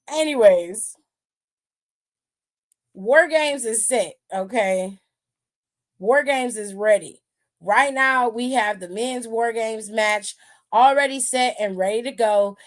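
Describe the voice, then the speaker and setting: A woman hosting a wrestling aftershow stream, talking in a sassy, profane, casual way and laughing often. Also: on the high side.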